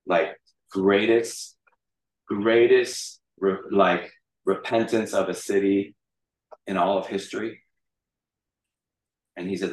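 A male pastor delivers a casual, animated sermon, retelling a story in a conversational storytelling manner. His low voice is slow with frequent pauses, captured from a distant mic in an echoey room.

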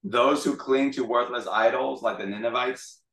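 A man's voice: mid-range voice, normal speed. A man leading a Bible study group in a casual, chatty, joking way. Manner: chatty, jokey, animated retelling. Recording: echoey room, mic far off.

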